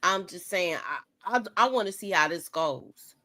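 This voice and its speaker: A woman hosting a casual TV show recap, chatty and animated, asking viewers to vote. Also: fairly low pitch, normal speed. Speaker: show host.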